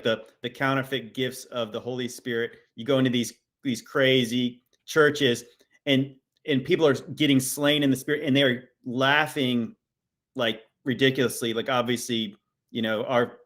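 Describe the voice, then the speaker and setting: A man's voice: medium pitch, fairly bright tone. Man asking rambling questions. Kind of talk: casual conversation.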